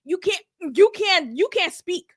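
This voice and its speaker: A woman's voice: extremely high pitch, expressive, measured pace, dry recording, studio quality. A young woman giving a sassy, blunt casual recap of a reality show as a channel host, with laughing asides. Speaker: reality TV reviewer.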